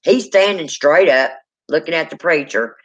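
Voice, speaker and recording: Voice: medium pitch, normal speed, fairly bright tone. A speaker, telling a true ghost story in casual spoken style and acting out the people in it. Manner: dramatic, acts out quoted people. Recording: dull lo-fi sound.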